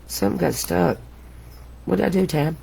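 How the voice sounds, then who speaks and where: A middle-aged woman talks her way through a live craft demo, rambling and exclaiming as she works. Her voice has a gravelly, fry-tinged edge, and she keeps cracking herself up. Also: on the low side, normal speed, dark tone, a little hiss or hum. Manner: chatty, exclamatory, laughs at herself. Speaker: crafting host. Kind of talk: live craft tutorial chat.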